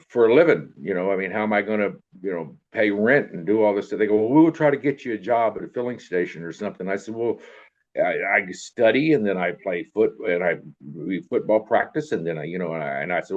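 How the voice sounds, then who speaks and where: An older man telling a rambling, folksy story from his past, full of fillers and tags like "you know what I mean". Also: fairly low pitch. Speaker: interviewee telling life story. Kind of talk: casual storytelling. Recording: dull lo-fi recording.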